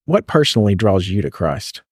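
Husky earnest man, podcast host. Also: fairly low pitch, sing-song, moderate pace, no room sound, clean studio sound. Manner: earnest, asks questions, quotes scripture. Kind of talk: casual faith podcast conversation.

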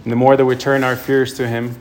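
A man's voice: medium pitch, level tone, brisk, slight background noise. Man preaching a storytelling sermon. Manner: storytelling, emphatic retelling of a film. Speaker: priest.

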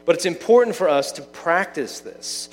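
A pastor preaches in a relaxed, conversational way, frequently posing rhetorical questions to his listeners. His voice is a bit high, expressive and moderately paced, with soft music behind him and a long reverb like that of a large hall.

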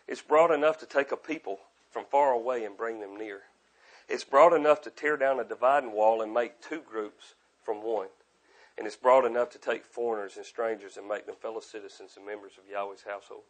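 A middle-aged man preaching a sermon, earnest and repetitive, moving between loud emphasis and quiet asides. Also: medium pitch, fairly quick.

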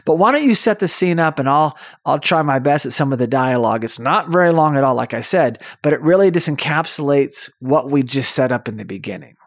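A man's voice: on the high side, fairly quick, hardly any pauses, no room sound, clean studio sound. A man co-hosting a podcast in casual chat, talking with enthusiasm. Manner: enthusiastic, talkative, animated. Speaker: podcast co-host.

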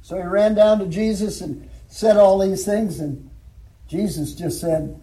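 A man's voice: high voice, unhurried, dark tone, low-quality recording. Folksy older man giving church testimony. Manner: folksy storytelling with chuckles. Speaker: former alcohol counselor giving testimony.

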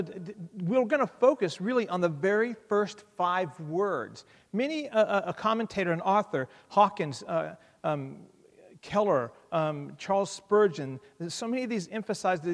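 A man preaching a sermon and leading a prayer, earnest, with frequent fillers and restarts, growing louder on key points. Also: high-pitched, a little fast, long reverb tail. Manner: earnest, repeats words, many fillers and restarts. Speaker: pastor.

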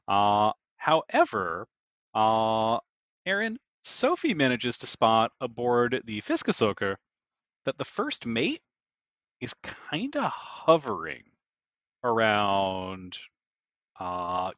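A man's voice: lowish voice, slow, dry recording, lo-fi sound. Dry-sounding male game master. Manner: relaxed, hesitant with many uhs. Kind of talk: narrating a tabletop game.

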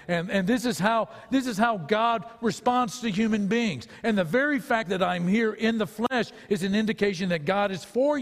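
A man's voice: high voice, big-room sound. A man preaching a sermon as pastor, earnest, with rhetorical questions to his listeners.

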